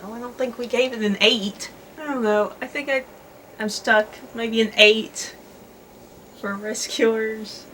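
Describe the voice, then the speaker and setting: A woman co-host in a casual chat, talking in a relaxed, rambling way with fillers and laughs. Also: on the high side, unhurried, slight background noise, low-quality recording.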